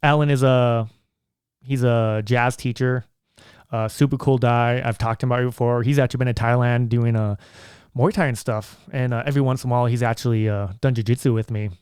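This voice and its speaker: Smooth-voiced earnest man, dry sound. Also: mid-range voice, fairly even intonation, brisk, darkish tone, dry recording. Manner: earnest, rambling, heartfelt. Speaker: podcast host. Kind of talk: casual podcast monologue.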